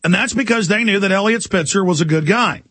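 A man's voice: high-pitched, fairly quick, bright, forceful tone, no echo. A man delivering an impassioned, indignant talk radio monologue as the show's host.

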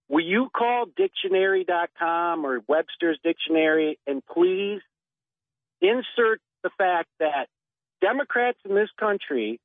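A man's voice: sits high, no room sound. A man calling in to a talk radio show, rambling and earnest, heard over a tinny phone line. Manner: rambling, earnest, drawn-out pauses. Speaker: caller.

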